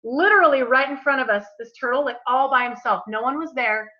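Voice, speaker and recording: A woman's voice: sits high, fairly quick, highs cut off. A woman coach leading a live group coaching call, talking in an upbeat, chatty, eager way.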